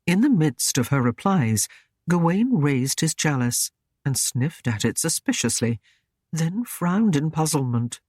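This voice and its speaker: A man narrating a historical romance audiobook in a measured, even storytelling manner. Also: a little high, no echo, clean studio sound. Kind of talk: scripted narration.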